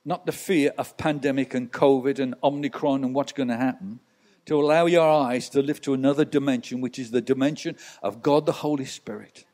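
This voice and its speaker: Pastor guy preaching in church, bit high voice, chatty storytelling with asides. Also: darkish tone. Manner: storytelling, rhetorical asides to the congregation. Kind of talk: sermon.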